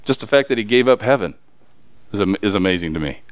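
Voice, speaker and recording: A man preaching a sermon as pastor, swinging from loud, emphatic lines to low, confiding asides. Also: lively intonation, fast, no echo.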